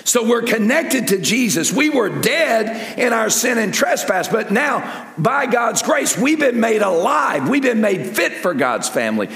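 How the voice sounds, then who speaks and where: An older man preaching a sermon as pastor, rising to loud peaks and dropping to soft asides. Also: very high-pitched, big pitch swings, unhurried, hardly any pauses. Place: large church sanctuary with long reverb. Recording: echoey hall with long reverb.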